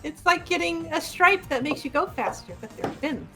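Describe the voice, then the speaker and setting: A woman's voice: very high-pitched, expressive, moderate pace, over music. A woman co-hosting a game stream, chatting casually and laughing often. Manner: giggly, chatty. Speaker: stream co-host. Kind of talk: casual gaming chat.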